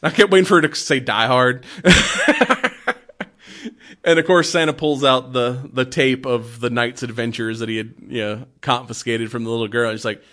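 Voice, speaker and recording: Casual male host, mid-pitched, rambles through the plot and laughs a lot. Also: steady tone, moderate pace, bright, forceful tone. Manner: rambling, laughs often, many fillers. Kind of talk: casual chat, retelling a movie.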